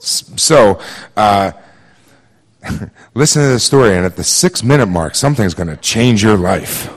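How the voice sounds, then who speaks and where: A man hosting a live storytelling show in a theater, loud and upbeat, laughing between words. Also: on the low side, lively intonation, unhurried, pauses often. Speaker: host. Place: theater stage.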